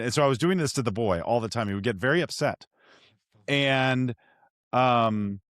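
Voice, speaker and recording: A man hosting a podcast interview, telling stories in an animated, self-deprecating way with frequent restarts. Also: medium pitch, dry recording, studio quality. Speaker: podcast host. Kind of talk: conversational interview.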